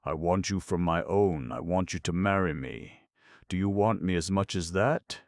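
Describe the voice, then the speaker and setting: A man's voice: deep voice, normal speed, a little mellow, no room sound, studio quality. A man voicing a pleading middle-aged woman. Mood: earnest. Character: anguished middle-aged woman in forbidden love. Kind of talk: audiobook character voice.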